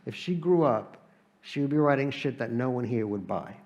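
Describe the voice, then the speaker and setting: A man's voice: medium pitch, lively intonation, moderate pace, darkish tone, dull audio. An American man, an author speaking at a live event, telling wry comic stories and often restarting his sentences. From United States. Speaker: author guest. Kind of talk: live on-stage conversation.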